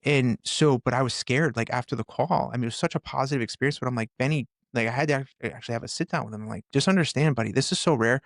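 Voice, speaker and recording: A middle-aged man, a firefighter and author, telling his story in a conversation, in an earnest and halting way with many restarts. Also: medium pitch, gravelly, dry recording, clean studio sound. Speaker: podcast guest, firefighter and author.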